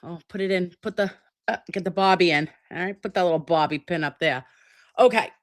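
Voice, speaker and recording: A woman's voice: on the low side, a little fast. A woman hosting a casual livestream chat, brassy, profane and dramatic while recovering from a sinus and ear infection. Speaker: livestream host.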